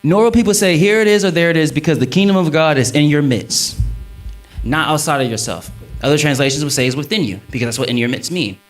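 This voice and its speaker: Lively preaching man on stage. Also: quick pace, faint music behind, low-quality recording. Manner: lively, swinging pitch, preacherly emphasis. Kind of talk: stage talk on scripture. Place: stage before a live audience.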